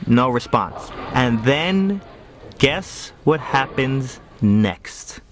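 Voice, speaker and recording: A YouTuber telling a comedic storytime in an animated, exaggerated way. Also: male voice, medium pitch, extremely slow, slight background noise.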